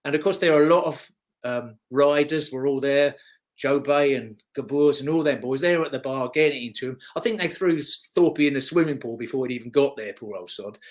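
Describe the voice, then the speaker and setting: A man's voice: medium pitch, a little fast. A middle-aged man, a former motocross racer telling rambling, chatty stories as an interview guest. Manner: rambling, chatty, with restarts and chuckles. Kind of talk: casual anecdotal storytelling.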